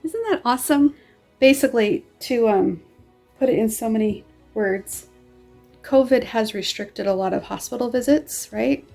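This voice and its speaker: A woman's voice: fairly high pitch, normal speed, creaky, warm tone, soft background music. A woman vlogger talking casually and enthusiastically to her viewers. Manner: enthusiastic and chatty.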